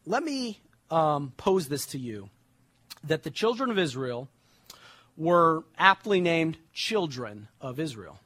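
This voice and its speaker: A young adult man preaching, reading scripture slowly and then explaining it in casual everyday words. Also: a little high, sing-song, a bit bright, no echo.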